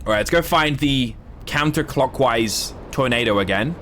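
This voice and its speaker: Casual English streamer, swears freely. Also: male voice, mid-range voice, animated, normal speed, fairly bright tone, a little hiss or hum. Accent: English with American influences. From Southwest England. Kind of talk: live gameplay commentary.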